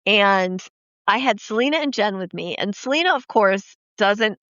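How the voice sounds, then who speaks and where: A woman hosting a podcast, telling profane, lively stories in casual chat and acting out the quoted lines. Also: mid-range voice, moderate pace, no echo. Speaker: podcast host. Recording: dull, dry lo-fi podcast audio.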